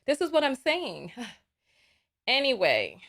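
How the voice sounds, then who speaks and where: A woman's voice: high voice, huge pitch swings, slow pace, fairly bright tone. A woman hosting a live reaction stream, reading viewer comments in a blunt, exasperated way and often repeating herself. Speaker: livestream host.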